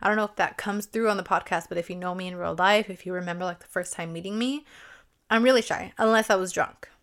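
A woman's voice: on the low side, fast, fairly bright tone. A young woman hosting a solo podcast, chatting casually and swearing often, with many "like"s. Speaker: podcast host.

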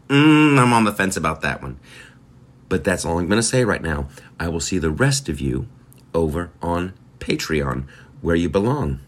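A man's voice: sits low, a bit bright. A man hosting his podcast in a rambling, joking, chatty way. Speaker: podcast host. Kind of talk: casual chat.

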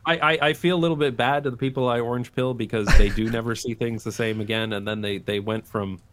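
A man's voice: mid-range voice, fairly even intonation, quick pace, a bit bright, no room sound. A man, a guest on an interview, talking at length in a casual, chatty way with frequent restarts. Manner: talkative, explains at length with many restarts. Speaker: guest, urban design YouTuber.

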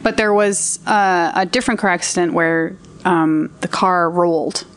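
A woman guest on a podcast, telling a personal story in an animated, expressive way. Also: on the low side, a little slow. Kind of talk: conversational storytelling.

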